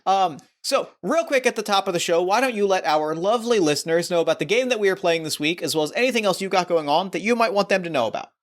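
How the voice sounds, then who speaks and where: A man with a high-pitched, fairly bright voice hosts a tabletop role-playing podcast as its game master. Before the game starts, he chats with a guest in an upbeat, enthusiastic way, using many fillers.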